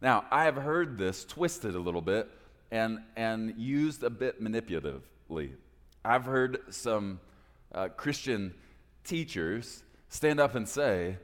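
Impassioned pastor preaching in a reverberant hall. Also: male voice, on the low side, expressive, slow pace. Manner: impassioned, swings from loud pleading to hushed intensity. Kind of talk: sermon.

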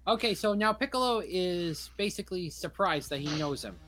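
A man's voice: sits high, expressive, moderate pace, fairly bright tone, faint music behind. A man chatting casually as a podcast co-host about a comic, agreeable and enthusiastic.

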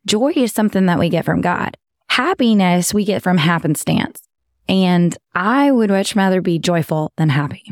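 A raspy-voiced woman from Texas with a Southern twang, co-hosting a casual faith podcast and speaking emphatically straight to listeners. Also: on the low side, animated, normal speed, no echo, studio quality. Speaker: podcast co-host.

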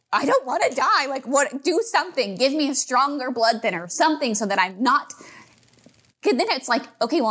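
A woman's voice: medium pitch, a bit bright. Young woman, casual storyteller, chatty and emotional, lots of filler words. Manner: chatty, heavy use of "like", emotional retelling. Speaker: storyteller sharing a personal health story.

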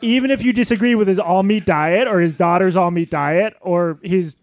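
A man's voice: high voice, normal speed, dry recording. A man co-hosting a podcast live on stage, dry and wry, often reading quotes aloud. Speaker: podcast co-host.

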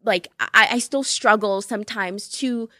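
A young woman from Cape Verde, a native Portuguese speaker, chatting casually as a podcast guest in a studio, animated and swearing freely. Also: mid-range voice, a little slow, no room sound. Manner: animated, swearing, laughs often. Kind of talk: casual chat.

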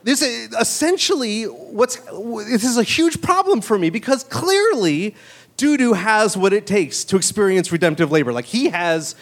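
A man telling a true story on stage, conversational and full of "like" fillers and quick asides. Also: sits high, very animated. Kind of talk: live storytelling.

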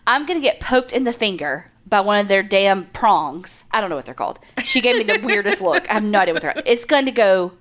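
A woman's voice: mid-range voice, quick pace, hardly any pauses. A woman co-hosting a podcast, chatting casually and acting out little quotes as she tells stories. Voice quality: chatty, animated storytelling with acted-out quotes and frequent cursing. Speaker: podcast co-host. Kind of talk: casual chat.

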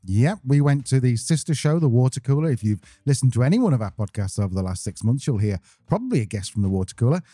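A man co-hosts a podcast with blunt jokes and casual swearing. His voice is very dark and mellow, at a middle pitch. The sound is dry, with no room echo. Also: sing-song, fast talker, hardly any pauses. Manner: blunt and jokey, swears freely. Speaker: podcast co-host.

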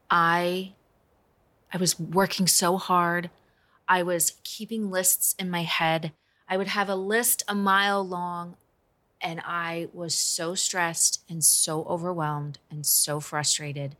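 A woman's voice: lowish voice, bright, forceful tone. A woman in her forties, a business coach, telling a personal story in an earnest, emotional, conversational way.

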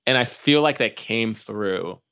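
A man's voice: on the low side, expressive, vocal fry, bright, forceful tone, clean tone. A man talking casually as a podcast guest, stopping and restarting often. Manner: halting, many restarts and "like"s. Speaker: podcast guest, former church member.

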